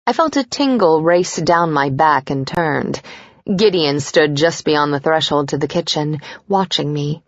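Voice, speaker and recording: A woman narrating a first-person romance audiobook in a soft, intimate, steady way. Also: deep voice, unhurried, dry recording, lo-fi sound.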